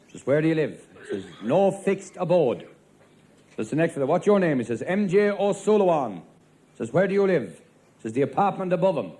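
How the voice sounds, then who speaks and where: A man with an Irish accent telling stand-up jokes in a deadpan storytelling manner, playing a policeman. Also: a little high. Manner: deadpan storytelling, rapid one-liners in character as a policeman. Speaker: stand-up comedian. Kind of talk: live stand-up joke-telling. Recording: live show with faint crowd laughter and noise.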